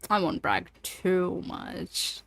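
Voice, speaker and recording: A woman's voice: lowish voice, very animated, drawn-out words, gravelly, no echo, faint music behind. A woman chatting casually with her livestream viewers in a playful, teasing way. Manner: playful, teasing, lots of laughs.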